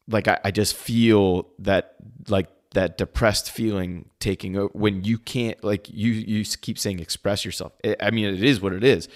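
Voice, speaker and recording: Animated, rambling male podcast co-host. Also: sits low. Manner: animated, rambling, full of fillers. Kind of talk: casual chat.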